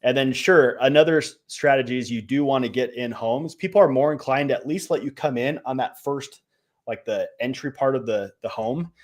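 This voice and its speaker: A man's voice: medium pitch, fairly quick. Casual man coaching on a live stream. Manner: conversational, filler-heavy, drops volume at ends of phrases. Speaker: co-host, real estate trainer.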